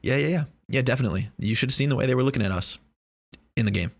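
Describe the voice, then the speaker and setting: Talking to the camera in a casual vlog, a man rambles, jokes and swears, often restarting his sentences. His medium-pitched voice has vocal fry and moves very fast.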